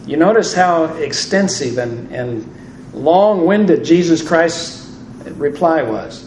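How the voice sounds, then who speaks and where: A man's voice: on the high side, lively intonation, takes it slowly, a little mellow, slight background noise. A man preaching a sermon, conversational with dry humor. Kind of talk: sermon on scripture. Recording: roomy echo, distant mic, faint ambience.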